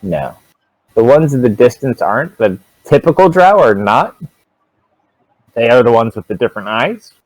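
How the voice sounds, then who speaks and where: A man's voice: mid-range voice, very animated, moderate pace, pauses often, a little mellow, low-quality recording. A young man running a tabletop game as dungeon master, joking with his players.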